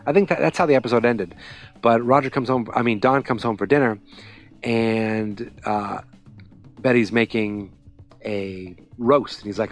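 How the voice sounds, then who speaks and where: A man's voice: mid-range voice, a little slow, faint music behind. A man hosting a podcast, recapping a TV episode in a casual, sarcastic way with lots of fillers. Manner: chatty, sarcastic, lots of fillers and quoted voices. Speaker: podcast host.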